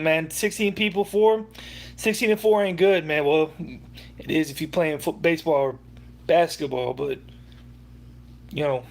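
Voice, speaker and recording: A young man hosting a sports livestream, ranting heatedly and profanely with many restarts. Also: a little high. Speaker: livestream host.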